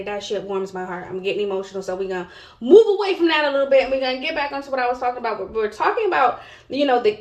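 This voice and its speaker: Female vlog host, high-pitched, profane and emphatic, roomy echo on the recording. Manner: blunt and heavily profane; emphatic, with preachy asides to viewers. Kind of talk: unscripted monologue to camera.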